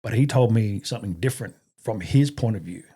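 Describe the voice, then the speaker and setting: A middle-aged Australian man telling his story as a podcast guest in a halting way, with many restarts and fillers and blunt swearing. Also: on the low side, expressive, dark tone, breathy edge. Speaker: podcast guest, army veteran. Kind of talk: casual conversational storytelling.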